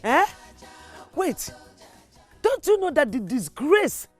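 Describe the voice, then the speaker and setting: A woman's voice: high voice, sing-song, takes it slowly, soft background music, heavily acted. A scolding Nigerian mother. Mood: indignant. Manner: scolding, pleading. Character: scolding mother of a grown son. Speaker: mother of the husband. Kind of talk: Nollywood film acting.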